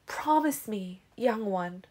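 A woman voicing a wild female vampire from the rainforest, speaking slowly and insistently. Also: mid-range voice, expressive, darkish tone.

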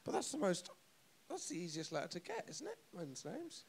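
Male comedy host, teasing, high and very lively, live audience audible. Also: crowd noise. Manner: teasing, quick interjections. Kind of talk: comedy chat show banter. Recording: live audience laughter behind.

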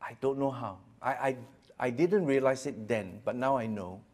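A middle-aged pastor telling his story to a gathering. His voice sits at a medium pitch. He swings between quiet, low stretches and loud, lively ones, often repeating words as he goes. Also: moderate pace. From Singapore. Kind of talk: personal testimony talk.

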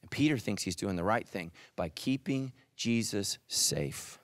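Animated preaching man, dry sound. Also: on the low side, unhurried, dry recording. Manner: animated, addresses listeners directly. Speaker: pastor. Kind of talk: sermon.

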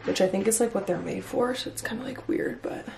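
A woman's voice: mid-range voice, brisk, creaky, reverberant, a little hiss or hum. Chatty young woman vlogging at home. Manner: chatty, filler-heavy, excitable. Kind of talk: casual vlog chat. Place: home living room.

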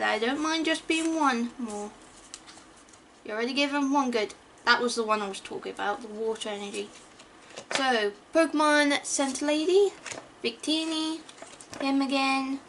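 A woman's voice: sits high, background noise. A woman casually talking through card packs as she opens them, chatty and stumbling over names, gasping at good pulls. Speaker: YouTuber opening trading card packs. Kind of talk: casual card-opening commentary.

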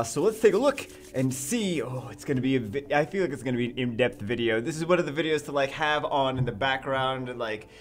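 A man giving casual, excited commentary on a game update, rambling with many restarts and fillers. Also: medium pitch.

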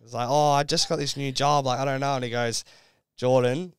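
A man's voice: medium pitch, level tone, fairly quick, clear, resonant tone, no echo. A young Australian man telling a story as a podcast guest, laid-back and full of "like"s. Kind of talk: casual chat.

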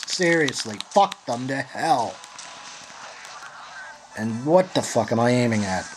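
Exasperated male gamer narrating his hunt, cursing at his helpers, mid-pitched, faint hiss behind him. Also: lively intonation, slow pace, vocal fry. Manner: frustrated, swearing, sarcastic. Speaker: gameplay commentator. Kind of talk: profane live gameplay commentary.

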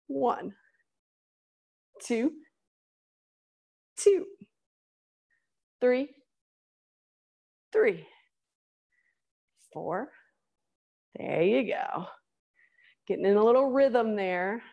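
A woman's voice: a little high, big pitch swings, vocal fry, dark tone. A woman in her thirties leading a workout class, counting reps and cheering people on. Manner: counts reps slowly with upbeat encouragement. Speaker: fitness instructor.

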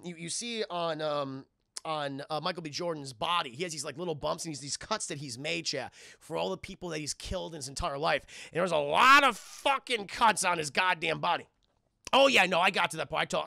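A man's voice: fairly high pitch, gravelly, pushed and bright, no echo. A young man chatting casually on a livestream, rambling and swearing as he animatedly acts out quotes while reviewing a film into a close microphone.

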